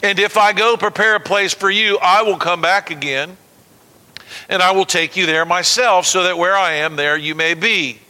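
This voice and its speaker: A man preaching a sermon, animated and calling on the congregation to repeat words back to him. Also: sits high, normal speed. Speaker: pastor. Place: church sanctuary. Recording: long reverb of a large hall.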